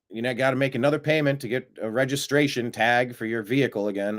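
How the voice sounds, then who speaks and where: A man hosting a live-streamed political commentary show, talking in an animated way with sarcastic asides and frequent fillers. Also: medium pitch, fast talker. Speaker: host of a political news show.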